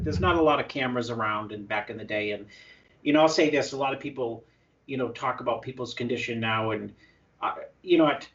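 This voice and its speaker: A male coach in a casual interview, telling stories in an animated, excitable way with many restarts. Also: medium pitch, recorded from a distance, highs cut off. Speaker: prep coach.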